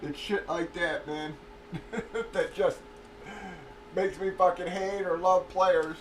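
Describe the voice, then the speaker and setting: A man with a fairly high voice hosts a livestream, talking loosely and swearing a lot, often breaking into laughter. He sits a little back from the mic, and a faint hiss runs under his voice. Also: steady tone, slow, far from the mic, rough recording. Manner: profane, rambling, laughs often. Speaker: livestream host of card breaks. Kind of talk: casual livestream chat. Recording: voice a bit off-mic with faint noise.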